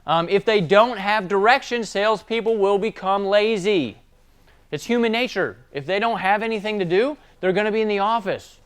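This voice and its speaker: A man with a high-pitched, slightly bright, clean-toned voice gives a casual sales training talk. He tells conversational stories and often checks in with tag questions.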